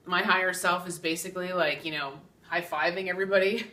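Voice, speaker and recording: A chatty woman psychic medium teaches in an animated way, laughing often and checking in with "okay?". Her voice is bright. It echoes around the room and is picked up from a little way off. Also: fairly low pitch, brisk, distant mic. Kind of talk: spiritual teaching talk.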